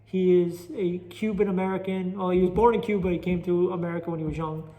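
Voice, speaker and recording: He talks fast in a high, mellow voice with fairly even intonation, his New York Italian accent coming through on a phone recording with echoey chamber reverb. Alone on his casual podcast, the host and amateur stand-up comic rambles restlessly and makes fun of his own stand-up.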